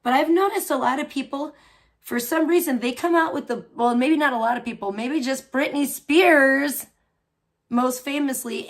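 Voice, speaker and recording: A woman with a slightly high-pitched voice chats loosely on her live stream. She rambles and laughs often as she talks to her viewers and answers their comments. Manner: rambling, chatty, frequent laughs; reads and answers chat. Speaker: livestream host. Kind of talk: casual live-stream chat.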